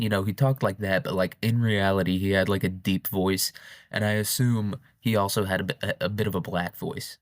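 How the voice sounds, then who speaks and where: A man's voice: fairly low pitch, fairly even intonation, normal speed, no room sound. A man hosting a show, rambling through a casual, irreverent comic monologue and often laughing. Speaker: podcast host.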